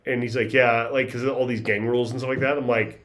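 A man's voice: mid-range voice, little pitch movement, fast talker, very noisy. A man in his forties chatting casually as a podcast host, telling long rambling stories and acting out quoted voices. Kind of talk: casual chat.

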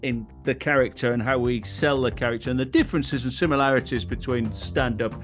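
A man hosting an interview podcast, asking questions in a measured, agreeable way. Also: mid-range voice, faint music behind. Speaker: podcast host. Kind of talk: conversational interview.

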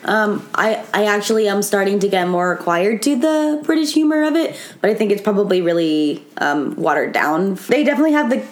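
A woman's voice: mid-range voice, lively intonation, a little fast, few pauses. A woman in casual chat who talks hesitantly, with many ums and restarts.

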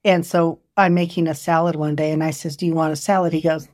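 A woman's voice: sits low, flat delivery, quick pace, darkish tone. A woman hosting an interview, chatting and telling anecdotes in a conversational way. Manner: chatty, storytelling, conversational asides. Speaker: interview host. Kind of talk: casual interview chat.

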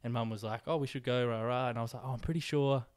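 An Australian man hosting a relaxed podcast chat, telling stories in a loose, slangy way. His voice sits at an ordinary middle pitch. The sound is dry and close, with little room around it. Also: quick pace, dry recording. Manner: laid-back storytelling with slang. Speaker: podcast host. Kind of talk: casual chat.

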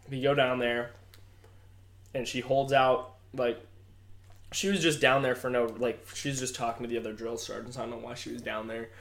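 A young man on a casual podcast, swearing easily as he tells stories. His voice has a middle pitch and an unhurried, conversational flow. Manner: laid-back, profane storyteller. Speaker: podcast co-host. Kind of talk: casual chat, storytelling.

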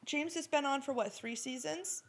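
A woman chatting casually about a reality show, animated, swearing freely and acting out quotes. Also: high-pitched, moderate pace.

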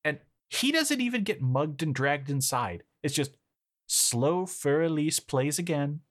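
Male podcast co-host, expressive and dry-witted, recapping a film. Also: fairly high pitch, unhurried. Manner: lively, sardonic, laughs often. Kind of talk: casual movie-recap chat.

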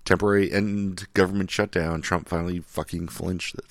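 A man's voice: low-pitched, fairly even intonation, normal speed, no echo, studio quality. A man hosting a podcast in casual chat, sardonic and profane, rambling with lots of fillers. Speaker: podcast host. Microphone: studio microphone.

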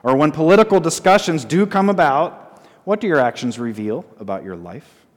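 A man preaching a sermon as pastor, often asking the congregation questions and repeating short phrases slowly for emphasis. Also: fairly high pitch, lively intonation, big-room sound. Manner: asks the congregation frequent call-and-response questions.

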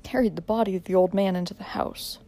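A woman narrating a dramatic audiobook in a measured way, pressing harder in tense moments. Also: medium pitch, dark tone.

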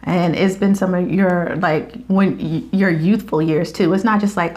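A woman's voice: a little slow, lo-fi sound. A woman in her thirties chatting casually about faith, acting out quotes with big jumps in her voice and frequent laughs. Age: 30s. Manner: animated storyteller, acts out quotes with big pitch jumps and laughs.

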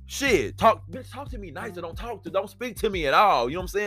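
A man's voice: sits high, expressive, fast talker, hardly any pauses, pushed and bright, husky, faint music behind. A man hosting a solo podcast, telling a story in a profane, exasperated rant. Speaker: podcast host.

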